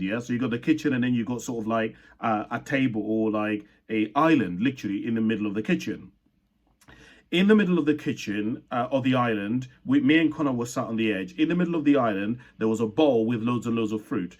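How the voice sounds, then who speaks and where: A man's voice: mid-range voice, darkish tone, highs cut off. A young man from Uganda telling a personal childhood story in a reflective way, with frequent repeats and fillers.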